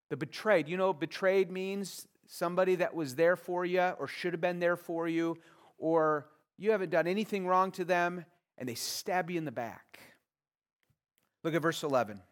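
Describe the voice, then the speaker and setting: Slow, high-voiced preacher man. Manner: reads scripture then explains it, voice rising in earnest pleas. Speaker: pastor. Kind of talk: sermon.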